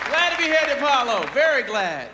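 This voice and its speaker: A man from the southern United States doing a playful, animated stand-up comedy set on a large theater stage. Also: very high voice, quick pace, over loud music, a loud crowd. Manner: animated, playful, jumps into character voices. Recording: live theater hall with audience.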